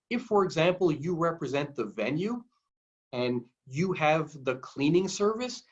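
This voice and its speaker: A somewhat high-voiced man, a lawyer, talks through questions on a webinar in a relaxed, plain-spoken way, pausing on frequent ums. His voice comes through a video call with dull, lo-fi sound. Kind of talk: webinar Q&A talk.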